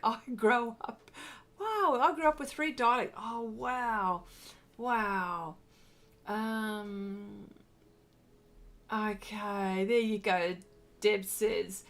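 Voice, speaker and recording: A woman's voice: a little high, a bit bright. Gushing woman chatting while painting. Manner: gushing, effusive, reads viewer comments aloud. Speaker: art livestream host. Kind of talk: casual livestream chat while painting.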